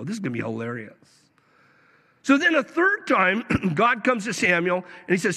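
Preacher guy, kinda high voice, jokes around, echoey church. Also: a little fast, gravelly. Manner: animated, jokey asides and acted-out quotes. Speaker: pastor. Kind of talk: sermon. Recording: long hall reverb.

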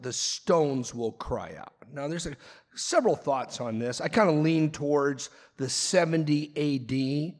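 A man preaching a sermon as pastor, animated and quick with asides and acted-out quotes. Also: mid-range voice. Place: church sanctuary. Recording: long reverb of a large hall.

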